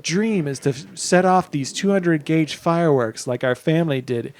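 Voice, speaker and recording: A man co-hosting a podcast, casually recapping an anime episode with jokes, fillers and quick put-on voices for the characters. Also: fairly high pitch. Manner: frequent fillers and trailing asides. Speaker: podcast co-host.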